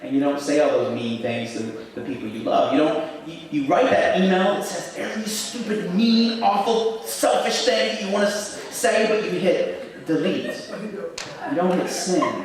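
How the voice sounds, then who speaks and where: A man doing comic stage banter as a performance poet at a school show, teasing the audience, with sudden loud yelps between quiet asides. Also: on the high side. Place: school hall, live audience. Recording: echoey hall from far off, crowd.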